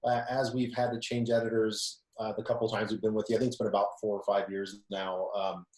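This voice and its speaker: A man's voice: fairly low pitch, flat delivery, brisk, a little mellow. Chatty photographer man on a video call. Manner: chatty and self-deprecating, often laughing. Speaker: photographer guest. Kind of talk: webinar round-table discussion. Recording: echoey room.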